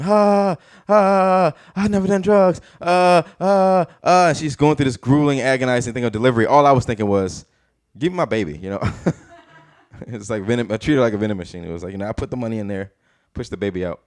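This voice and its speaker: A man performing a stand-up comedy set, telling stories in a laid-back way. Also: lowish voice. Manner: laid-back storytelling with laughs.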